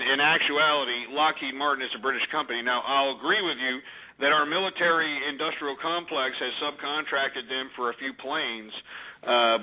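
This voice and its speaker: A man hosting a call-in radio show, arguing hard with a caller and talking over him. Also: mid-range voice. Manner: combative, talks over the caller. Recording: tinny lo-fi radio broadcast.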